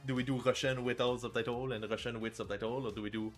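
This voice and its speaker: A man's voice: medium pitch, steady tone, fast, hardly any pauses, soft background music. A man chatting casually on a livestream as an indie game developer, joking, crude and rambling.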